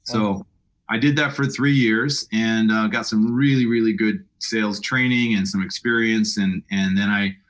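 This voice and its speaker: Low-voiced middle-aged man, halting. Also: fairly even intonation, fairly bright tone. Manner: halting, repeats words and restarts phrases. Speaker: guest, apartment broker. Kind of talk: casual interview conversation.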